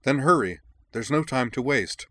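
A man's voice: fairly low pitch, normal speed, fairly bright tone, pitched above the performer's own voice, close to an everyday voice. A man voicing a young boy prince who speaks with urgent, put-on mature dignity. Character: earnest, self-serious boy prince.

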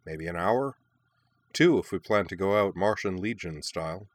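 Sardonic army intel officer, as a male narrator puts him on; deep voice, wry. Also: animated, normal speed, no echo. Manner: wry gallows humor.

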